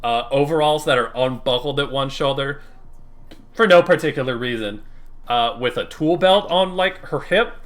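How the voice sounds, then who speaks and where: A man running a tabletop role-play session, describing scenes loosely with many fillers. His voice is bright and mid-pitched, casual and unhurried. He narrates at length to the table. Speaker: game master.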